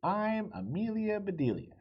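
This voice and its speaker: A man voicing a cheerful, literal-minded young girl in a storybook reading, with a bright, earnest, squeaky delivery. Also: very animated, unhurried, slightly rough, lo-fi sound, full character voice.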